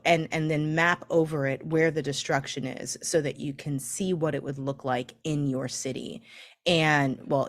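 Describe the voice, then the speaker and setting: Low-voiced chatty woman co-host. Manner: chatty, laughs easily. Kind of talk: casual livestream chat.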